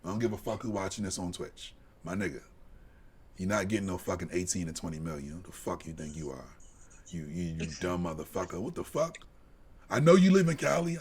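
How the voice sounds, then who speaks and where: A man co-hosting a live sports podcast, delivering a heated, profane rant that drops to low mutters and climbs to shouts. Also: creaky, slightly rough. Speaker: podcast co-host.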